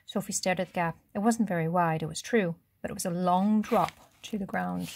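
A woman reading an audiobook in a steady, measured storytelling manner. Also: lowish voice, creaky, slight background noise. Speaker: audiobook narrator. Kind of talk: scripted narration.

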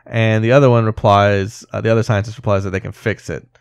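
Smooth-voiced man reading movie trivia. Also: on the low side, little pitch movement, fast talker, no echo. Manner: laughs often, reads trivia notes aloud. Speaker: podcast co-host. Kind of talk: casual chat.

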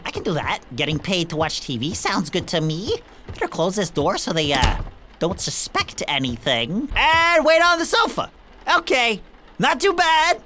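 Woman gamer, high voice, very animated, excitable, game music behind. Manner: excitable, jumpy, talks to the game characters. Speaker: gaming channel host. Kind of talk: let's play commentary.

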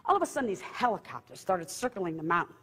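A woman giving a lively, humorous faith testimony, acting out what people said as she tells the story. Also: on the low side, fast, slightly rough. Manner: lively, humorous, acts out quotes. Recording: long hall reverb.

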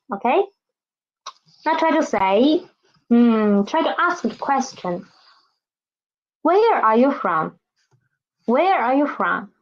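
A woman's voice: fairly high pitch, muffled recording. A woman teaching a beginner language lesson, saying each word twice and asking students to repeat after her. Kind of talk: slow spoken language lesson with drills.

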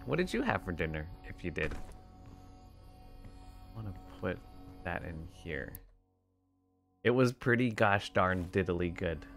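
A man's voice: low voice, animated, a little slow, long pauses, bright, forceful tone, soft background music. A man streaming a game, chatting playfully and rambling to his viewers and his pets. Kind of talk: casual gameplay stream chat.

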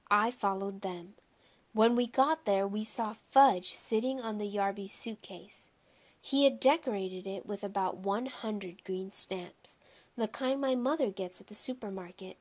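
Woman reading a children's audiobook. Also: medium pitch. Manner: storytelling first-person child narrator, steady and clear. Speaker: audiobook narrator.

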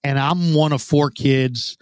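A man's voice: fairly high pitch, steady tone, slow pace, clear, resonant tone, no echo. A man in his fifties, a guest in an interview, telling long casual anecdotes and acting out what others said. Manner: rambling anecdotes, acts out quoted dialogue. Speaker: interview guest, former radio host.

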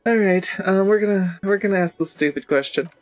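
A woman streamer playing a video game, talking casually and reacting in an animated, exclaiming way. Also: medium pitch, fairly quick. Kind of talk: game let's-play with read-aloud dialogue.

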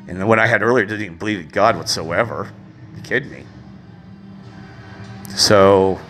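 A man on a passionate, indignant religious rant, repeating his exasperation and rising to loud peaks. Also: on the low side. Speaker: vlogger.

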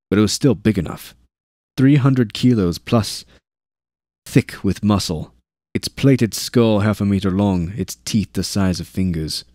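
A man reading a war novel aloud as narrator, with steady narration and shouted dialogue lines. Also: deep voice, no echo, clean studio sound. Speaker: audiobook narrator.

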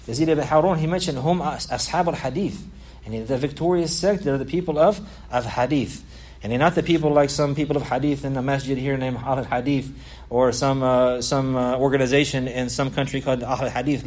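A man teaching a religious lesson, explaining a classical text, repeating and restarting phrases and reading quoted passages quickly. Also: medium pitch, darkish tone.

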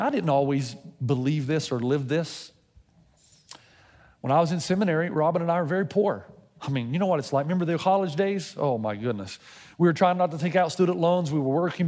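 Man, pastor, middle-aged, sermon, storytelling with acted-out dialogue, slightly high voice, long hall reverb. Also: a little mellow. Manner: storytelling preacher who acts out dialogue with God.

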